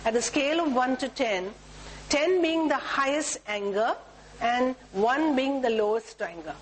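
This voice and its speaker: A woman's voice: high voice, lively intonation, unhurried, a little hiss or hum, poor audio. A woman with an Indian English accent leading a group through a tapping exercise, giving instructions and chanting repeated cue words. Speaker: workshop leader. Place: talk room with a group.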